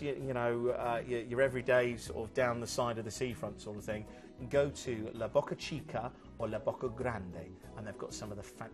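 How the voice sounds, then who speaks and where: A man presenting cruise holidays on a TV sales show, chatty and upbeat with lots of fillers. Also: mid-range voice. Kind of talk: enthusiastic sales chat.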